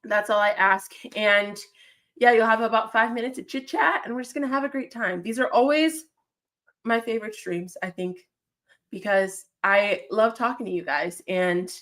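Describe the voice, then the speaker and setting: A woman's voice: medium pitch, normal speed, fairly bright tone. A woman hosting a football call-in livestream, chatting casually with an upbeat, talkative manner and frequent repeated phrases. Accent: non-standard accent, remarked on by a viewer.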